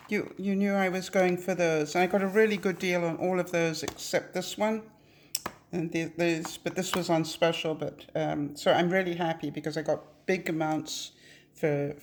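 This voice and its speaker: A middle-aged woman, chatting to camera in an opinionated, rambling way while driving. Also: on the low side. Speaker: vlogger. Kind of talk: casual chat to camera. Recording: distant mic with loud car and street noise. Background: car and traffic noise.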